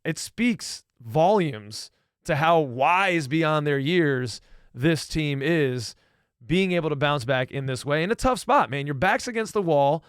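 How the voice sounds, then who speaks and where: Smooth-voiced excited male podcast host. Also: on the high side, measured pace, dry recording, clean studio sound. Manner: enthusiastic, excited fan talk. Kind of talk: casual sports chat.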